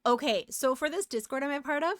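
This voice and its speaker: A woman's voice: high voice, fast talker, fairly bright tone, no echo, clean studio sound. An American woman streaming live, chatting casually and giggling while she works. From United States. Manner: chatty and giggly, hums and sings along.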